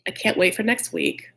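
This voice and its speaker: A man's voice: sits high, creaky. A man hosting a live chat recap of a reality show, gossipy and blunt, with frequent "like" and mocking impressions of the cast.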